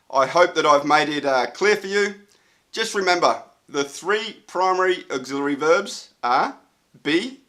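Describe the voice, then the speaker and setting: A man's voice: fairly high pitch, pushed and bright. A man teaching English grammar in a casual online lesson, explaining step by step with frequent fillers. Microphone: solo video recording.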